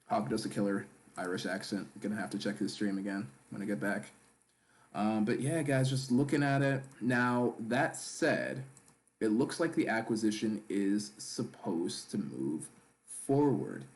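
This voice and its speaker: Male stream host, lowish voice, casual chatty commentary, reads the live chat aloud. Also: a little mellow.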